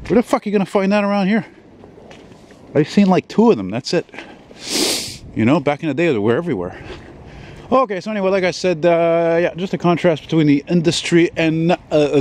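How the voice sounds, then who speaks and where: A man's voice: medium pitch, animated, brisk, a little mellow, a little hiss or hum. A man, walking outdoors on a city street and filming a casual vlog on a handheld camera, talking in a rambling, profane way with plenty of fillers. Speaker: vlogger.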